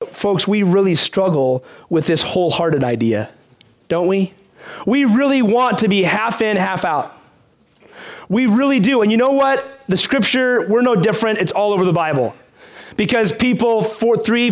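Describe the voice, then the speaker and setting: Brief: male pastor, high voice, conversational sermon with rhetorical questions.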